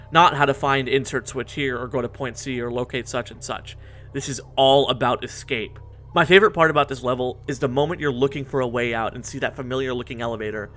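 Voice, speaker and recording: A man's voice: mid-range voice, bright, forceful tone. A man in his twenties narrating a scripted video essay in an earnest, reflective way.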